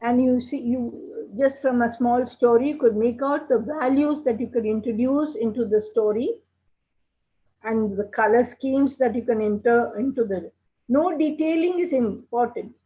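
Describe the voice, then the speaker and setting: A woman teaching a puppetry workshop, explaining how to make puppets in a gentle, explanatory way. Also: a little high, moderate pace. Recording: dull lo-fi sound.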